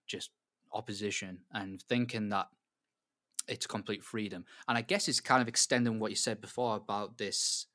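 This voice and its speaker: Thoughtful English man, low voice. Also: fairly even intonation, pushed and bright. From England. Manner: thoughtful, halting with fillers. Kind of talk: casual faith discussion.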